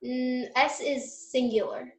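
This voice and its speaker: A young woman runs an online Spanish lesson, walking students through each point with a patient, step-by-step manner and plenty of fillers. Her voice sits a little high, and the room around her rings with echo. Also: fairly even intonation, slow, a little mellow. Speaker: Spanish tutor. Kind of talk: online class teaching.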